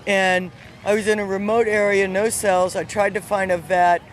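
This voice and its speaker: A woman, not from the South, telling a personal story with lively, animated energy, outdoors on a city street. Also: medium pitch, normal speed, slight background noise. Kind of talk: casual spoken storytelling.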